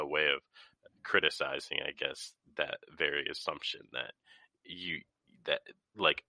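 A man with an extremely deep voice that still has a sharp, forceful edge, co-hosting a movie podcast. He analyzes the film's themes in a thoughtful, halting way. The sound is dry and close. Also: gravelly, dry recording. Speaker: podcast co-host. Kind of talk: casual film discussion.

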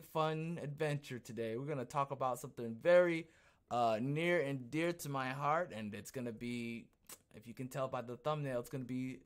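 A man with a slightly higher voice hosts his own podcast in loose, ranting commentary. He swings from low, mumbled asides to loud, emphatic stretches, often repeating himself and restarting sentences as he talks. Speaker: podcast host.

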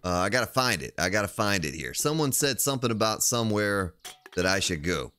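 A man's voice: on the low side, very animated, a little fast, pushed and bright. A man streaming a survival game live, chatting casually and playfully joking with his chat while he plays.

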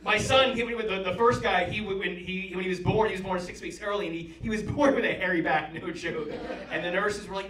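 A man in his thirties doing a chatty, animated stand-up set with crowd work, using acted-out voices. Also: sits high, fast, hardly any pauses. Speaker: stand-up comedian. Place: comedy club. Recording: roomy club with distant mic. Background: audience laughter.

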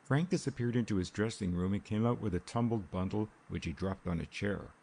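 A man narrating an audiobook in a measured, steady way. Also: fairly low pitch, creaky, a little hiss or hum. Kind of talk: scripted narration.

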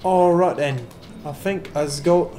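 A tipsy man hosting a VR gameplay video, talking in a put-on wandering British accent, with excitable exclamations and swearing at the game. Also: a little high, takes it slowly, faint music behind. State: tipsy from drinking. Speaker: gaming channel host. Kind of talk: VR gameplay commentary.

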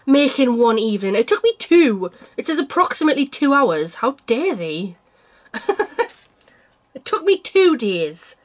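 A woman with a bright, high speaking voice chats to camera about her cross-stitch work. She teases herself and laughs often, and she is getting over a cold. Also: very animated, unhurried. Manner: chatty and self-mocking, laughs often. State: unwell with a cold. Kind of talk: casual chat to camera.

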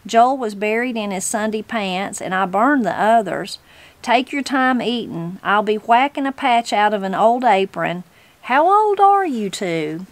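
A tart, spry old mountain granny with a Southern Appalachian lilt and a sharp, homespun way of talking, as a woman reading a storybook puts her on. Her voice sits at an ordinary middle pitch, recorded dry and close with no room sound. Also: lively intonation, a little slow, no room sound.

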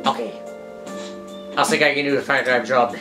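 A woman with a notably low voice chats casually as she plays through a video game. She stumbles and restarts her words often, and game music runs underneath. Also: steady tone, brisk, roomy sound. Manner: chatty, stumbling over her words, reading game lines aloud. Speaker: gameplay commentator. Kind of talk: casual let's-play commentary.

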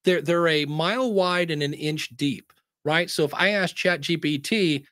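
A man with a slightly high voice talks through podcast growth tips in a relaxed webinar. He keeps it chatty and jumps up in pitch when he acts out what people say. The sound is dry and close, with no room around it. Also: measured pace, no echo. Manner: conversational, acts out quotes in a higher voice. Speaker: podcast educator presenting a webinar. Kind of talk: casual webinar talk.

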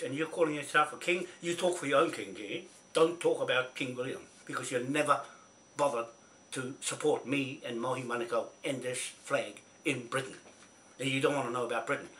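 A man rants at the camera, scolding and circling back to the same accusations. His voice is bright and sharp, set at an ordinary middle pitch. A faint hiss of room noise sits behind him. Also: brisk. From New Zealand. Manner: confrontational, scolding, repetitive. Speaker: vlogger. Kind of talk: angry rant to camera.

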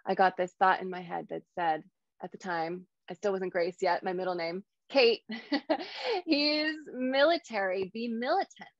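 With a lowish, creaky voice, a woman in her thirties tells a personal story as a guest on a video call, acting out quoted lines; she is a hypnotherapist. The lo-fi recording has no echo.

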